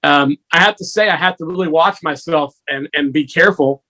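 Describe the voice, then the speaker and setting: Chatty storytelling man, higher voice. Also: brisk, pushed and bright. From Georgia, USA. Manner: chatty, storytelling, laughs often. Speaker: guest musician. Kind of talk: casual chat.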